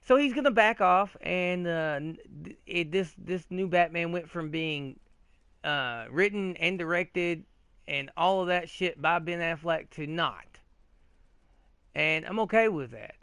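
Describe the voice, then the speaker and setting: High, gravelly man ranting casually. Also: unhurried, no room sound. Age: adult, old enough to remember 80s cartoons. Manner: rambling, profane, excitable with frequent restarts. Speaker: gaming video host. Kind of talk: casual rant while playing a game.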